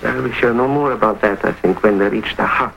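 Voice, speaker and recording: An actor playing a professor who explains things in a measured way, in 1950s film style. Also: male voice, lowish voice, vocal fry, fairly bright tone, lo-fi sound. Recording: old film soundtrack, faint hiss.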